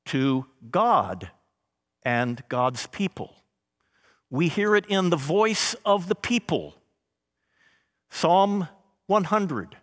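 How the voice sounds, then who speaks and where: A man preaching a sermon, slow and emphatic, with dramatic pauses and scripture read aloud. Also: fairly high pitch, a bit bright, big-room sound. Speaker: pastor.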